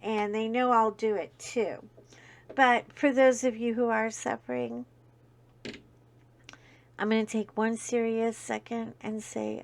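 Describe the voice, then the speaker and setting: A woman's voice: a little high, flat delivery, slow pace, vocal fry, long pauses. A middle-aged woman, hosting a casual coloring vlog and chatting with her viewers, telling stories with bursts of laughter. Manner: chatty, warm-hearted storyteller with bursts of laughter.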